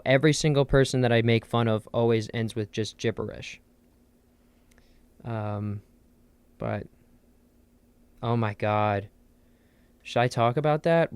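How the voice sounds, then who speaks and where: A man's voice: medium pitch, smooth, no room sound. Rambling young man from New Jersey. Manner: rambling, jokey and self-deprecating. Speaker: podcast host. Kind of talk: casual solo podcast chat.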